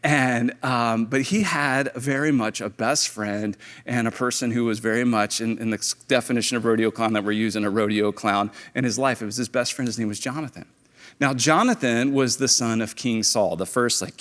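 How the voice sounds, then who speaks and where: Animated preacher in an echoing hall. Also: male voice, medium pitch, normal speed. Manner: storytelling, animated, acts out quoted lines. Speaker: pastor. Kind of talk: sermon. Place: church auditorium. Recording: echoey church hall.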